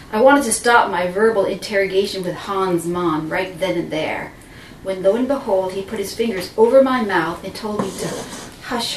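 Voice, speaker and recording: A woman telling a dramatic first-person story, theatrical and swinging between breathless and hushed. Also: medium pitch, slight background noise. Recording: roomy, distant mic with faint ambience.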